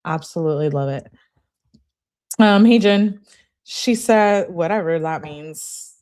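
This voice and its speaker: A woman's voice: on the low side, takes it slowly, darkish tone. A woman hosting her channel, reading text messages aloud in a casual way and adding blunt, profane asides while greeting viewers. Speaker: channel host reading case evidence.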